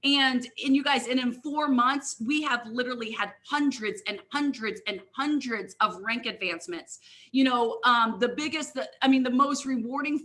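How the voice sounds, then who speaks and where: A middle-aged woman giving a motivational talk at a live company event, energetic and constantly addressing the audience as "you guys.". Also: a little high. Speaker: guest speaker, network marketing leader.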